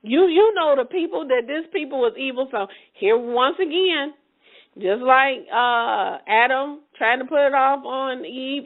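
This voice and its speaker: High-voiced woman teaching scripture over a phone line. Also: measured pace. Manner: reads verses aloud then retells them in lively casual paraphrase. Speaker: Bible teacher. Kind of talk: scripture teaching, reading and explaining. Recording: tinny phone-line audio.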